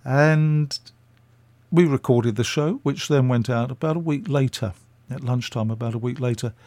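A man's voice: mid-range voice, normal speed, darkish tone, dry recording. An older man from England, a radio interview guest, telling chatty stories with fillers.

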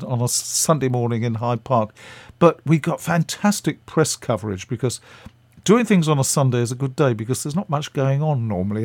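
An older man, a radio guest, telling anecdotes in a chuckling, lively way and acting out the scenes. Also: mid-range voice, no echo. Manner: chuckling, lively storyteller who acts out scenes. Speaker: interview guest. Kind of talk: anecdotal storytelling.

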